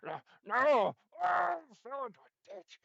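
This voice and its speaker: A man voicing a frightened old man who pleads not to be hurt, in a high, panicky voice. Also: very animated, measured pace, gravelly, sharp tone, dry recording, full character voice. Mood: panicked. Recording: dull lo-fi dry sound.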